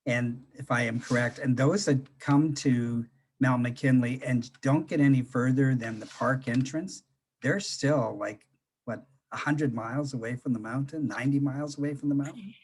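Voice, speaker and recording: A man hosting an interview, friendly and deliberate as he talks. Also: mid-range voice, a little mellow, a little hiss or hum. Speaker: host.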